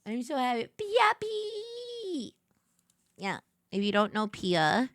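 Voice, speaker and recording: A woman VTuber streamer in casual late-night chat. She gushes bubbly, with sudden squeals and soft whispers. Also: mid-range voice, smooth, dry recording, studio quality.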